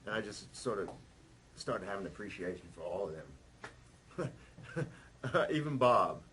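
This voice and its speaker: A man, a punk musician, telling a rambling personal story in an interview, swearing and pausing on fillers. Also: fairly low pitch, expressive, a crowd in the background, poor audio. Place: record label office.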